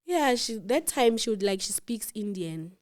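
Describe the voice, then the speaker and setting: A South African storyteller host, animated and casual, relates a personal anecdote and acts out others' voices along the way. Her pitch is medium, her pace moderate.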